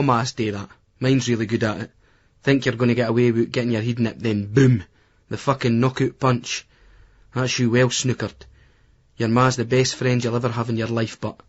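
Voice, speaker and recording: A man with a Scottish accent reading a novel aloud in a blunt, crude, conversational first-person voice. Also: medium pitch. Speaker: audiobook narrator. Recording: dull lo-fi audiobook recording.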